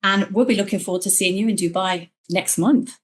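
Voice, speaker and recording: Animated woman podcast host. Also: mid-range voice, fairly quick. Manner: animated storyteller, acts out quoted voices. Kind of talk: casual conversation.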